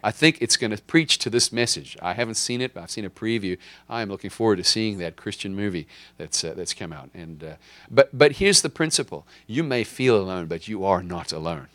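Male pastor, low voice, dry sound, emphatic sermon delivery with repeated refrains. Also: expressive, a little fast, fairly bright tone, no room sound. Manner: emphatic preaching, repeats key lines for the congregation.

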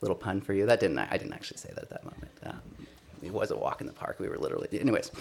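Earnest man with a gravelly voice. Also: deep voice, expressive, racing. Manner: earnest, self-deprecating storytelling. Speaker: speaker sharing a personal testimony. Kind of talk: conversational sermon.

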